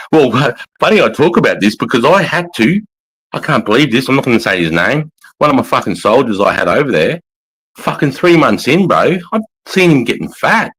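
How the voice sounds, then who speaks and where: An Australian army veteran telling war stories in a casual livestream, swearing constantly and rambling bluntly. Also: male voice, mid-range voice, big pitch swings, normal speed, a bit bright, slightly rough, poor audio.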